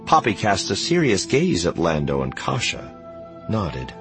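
A man narrating an audiobook in a measured, steady storytelling voice. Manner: low, measured, even storytelling. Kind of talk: scripted narration. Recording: studio audiobook with music.

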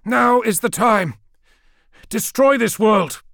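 A man shouting as a dying angelic warlord. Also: high-pitched, slow, gravelly, no room sound, studio quality, pitched above the performer's own voice, full character voice. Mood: commanding. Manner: straining shouts, pleading. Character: dying heroic angelic male warlord, commanding.

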